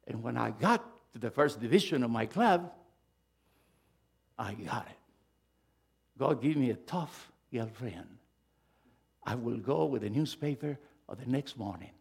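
A middle-aged male pastor preaching a sermon, swinging from loud, emphatic bursts to hushed asides. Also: mid-range voice, gravelly, husky.

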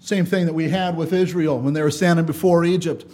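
Male preacher with a high voice, dynamic sermon delivery that swings from loud emphasis to quiet asides, measured when reading scripture. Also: steady tone. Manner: reads scripture aloud in a measured cadence.

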